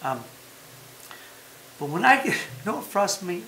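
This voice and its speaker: A man hosting a casual chat show, talking in an animated, emphatic way and repeating his points. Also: sits high, unhurried, reverberant, a little hiss or hum, rough recording. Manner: talks about having been a fighter. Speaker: podcast host.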